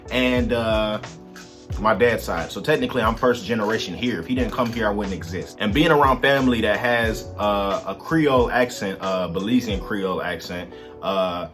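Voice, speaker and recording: Give me a relaxed, chatty man answering fan questions over background music. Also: on the low side, moderate pace. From Detroit, Michigan, USA. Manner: laid-back, slangy, chatty with viewers. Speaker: musician and content creator. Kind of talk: casual Q&A vlog.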